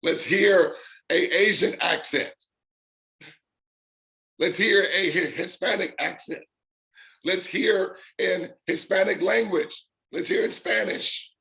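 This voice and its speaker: A man hosting a live talk for his online business community, emphatic and repeating points in punchy lists, with drawn-out stresses on key words. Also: sits high, sharp tone.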